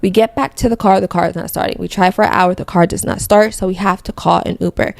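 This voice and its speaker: A woman's voice: mid-range voice, steady tone, fast, creaky, no room sound, clean studio sound. A young woman from Connecticut hosting a podcast, telling a personal faith testimony in a rambling, self-correcting way. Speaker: podcast host.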